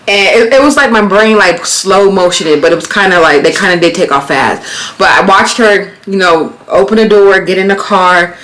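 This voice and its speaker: An American woman in her thirties, a vlogger casually telling a story, growing heated and animated as she retells it. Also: medium pitch, poor audio. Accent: American, Las Vegas. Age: 30s. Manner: animated, swearing, rising to exclaim in quoted retellings.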